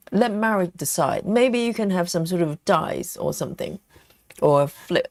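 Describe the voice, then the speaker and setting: A woman's voice: low-pitched, unhurried, gravelly, darkish tone. A woman hosting a live cross-stitch stream, reading viewer comments aloud and chatting back while she stitches and eats chocolate. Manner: chatty, reads comments aloud and answers them.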